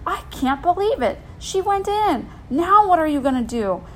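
Woman as bossy older boy: cocky, scheming, slightly high. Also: expressive, moderate pace, a little hiss or hum, natural voice.

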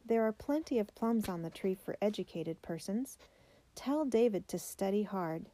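A woman's voice: medium pitch, animated, moderate pace, warm tone, natural voice. A woman voicing a struggling, hopeful immigrant father in a storybook reading, in an earnest, wistful way.

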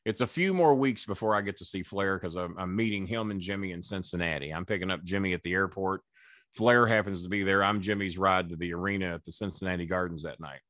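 A wrestling manager in his sixties appears as a guest, telling long, rambling anecdotes full of profanity and frequent restarts in a casual storytelling style. His voice is deep and fairly bright, and he talks fast. The studio recording is clean and dry.

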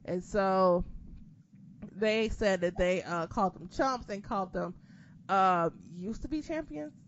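A woman's voice: medium pitch, unhurried. Woman, casual podcast chat, sarcastic, profane, muffled lo-fi sound. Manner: profane, sarcastic, animated retelling. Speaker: podcast co-host. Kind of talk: casual wrestling recap chat. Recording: dull lo-fi sound with background noise.

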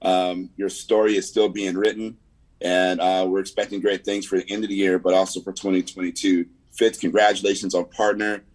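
A man's voice: low voice, flat delivery, a little fast, low-quality recording. A man from California's San Fernando Valley with a Southern Californian accent, giving a rambling, laid-back sales update on a video call, full of fillers and "man". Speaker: insurance agent giving a weekly report.

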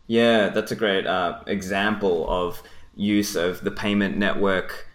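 A man hosting a podcast interview, asking relaxed, friendly questions with the occasional filler. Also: low-pitched, takes it slowly. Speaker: podcast host. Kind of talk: casual interview.

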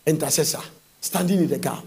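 A man preaching a sermon, reading Bible verses aloud and breaking into fervent, sing-song shouts. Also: fairly high pitch, a little fast, breathy edge.

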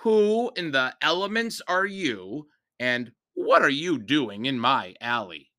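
A man voicing an eccentric, wild-haired male alchemist who shouts theatrical commands. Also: medium pitch, very animated, takes it slowly, exaggerated voice. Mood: puzzled.

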